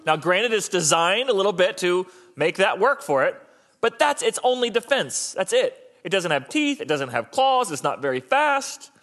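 A man's voice: sits high, very animated, moderate pace, a bit bright. A man preaching a conversational, joking sermon, often restarting his sentences mid-thought. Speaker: pastor.

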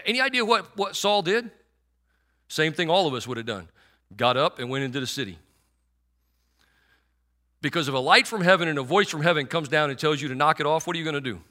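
A man's voice: a little high, lively intonation, a little fast, bright, forceful tone. A middle-aged man preaching a sermon in a conversational, sarcastic way, with many restarts and fillers.

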